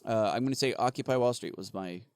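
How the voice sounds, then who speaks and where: A man's voice: mid-range voice, fast, smooth, dry recording, studio quality. A man co-hosting a casual podcast, rambling, laughing and swearing freely. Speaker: podcast co-host.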